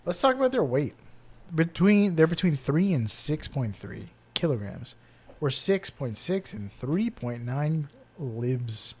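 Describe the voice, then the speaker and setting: A man's voice: a little high, big pitch swings, darkish tone, husky. Man quizzing in a casual podcast chat. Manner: quizzing, quick asides. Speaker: podcast co-host.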